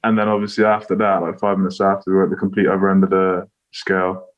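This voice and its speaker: A man's voice: sits low, monotone, fast talker, dull audio. A man, a rugby player guest, talking bluntly and swearing freely in a casual podcast chat.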